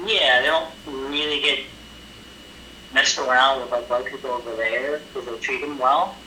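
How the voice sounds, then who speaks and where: A man's voice: mid-range voice, fairly even intonation, normal speed, bright, forceful tone. A man in a casual chat who chimes in with blunt comments and jokes. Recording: roomy echo, faint noise.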